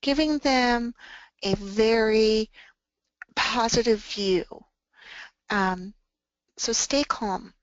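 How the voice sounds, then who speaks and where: Woman presenter, somewhat high voice, calm and earnest workshop delivery; dry, dull-sounding recording. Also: drawn-out words, pauses often, dry recording. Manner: calm, earnest, acts out example phrases to students. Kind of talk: workshop talk.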